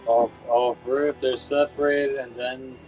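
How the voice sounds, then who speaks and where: Gamer dude chatting mid-match, chill, swears a lot, some music faint behind. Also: male voice, medium pitch, a little slow, rough recording. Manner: relaxed, swears often. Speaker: gamer on a stream. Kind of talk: casual gaming chat.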